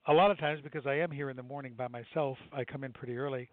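A man's voice: medium pitch, steady tone, rapid-fire, dry recording. An older man, a nonprofit director, earnestly telling a story in an interview with frequent restarts. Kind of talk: conversational interview answers. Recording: dry, tinny phone-like sound.

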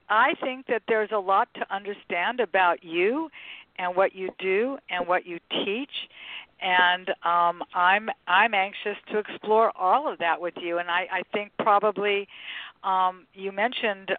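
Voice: mid-range voice, unhurried. A podcast host asks polite, curious questions in a mid-range voice. The sound is thin and phone-like, with no room echo at all. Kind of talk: podcast interview. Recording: dry, phone-like audio.

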